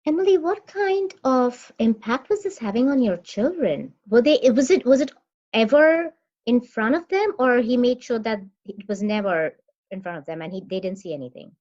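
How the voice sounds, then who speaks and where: A woman host interviews her podcast guest with gentle, probing questions. Her voice sits a little high and moves a lot in pitch. The sound is slightly dull and lo-fi. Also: expressive, normal speed.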